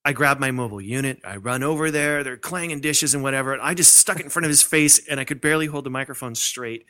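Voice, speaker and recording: A man co-hosting a podcast, chatting casually with eager, quick banter. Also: medium pitch, pushed and bright, no echo, clean studio sound. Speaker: podcast co-host. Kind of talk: casual chat.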